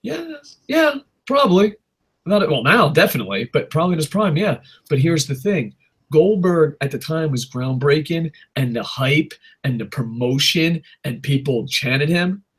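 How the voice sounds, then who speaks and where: A man's voice: on the high side, expressive, normal speed, breathy edge. A man hosting a casual podcast, ranting in a rambling, profane way and laughing at his own jokes. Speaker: podcast host. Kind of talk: casual wrestling podcast rant.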